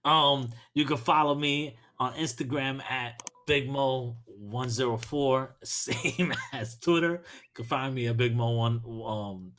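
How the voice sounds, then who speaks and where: A man from Brooklyn hosts a podcast with a mid-pitched voice. He talks in loose, profane, excitable bursts and laughs often. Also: takes it slowly, few pauses. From Brooklyn, New York. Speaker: podcast host. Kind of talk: casual chat.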